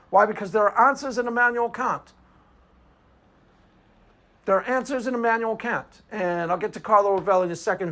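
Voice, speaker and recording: A man's voice: high voice, bright, forceful tone. Male commentator, combative and mocking, punchy rhetorical delivery. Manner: combative, sarcastic, repeats rhetorical "Why?". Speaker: apologetics commentator. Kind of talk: argumentative monologue.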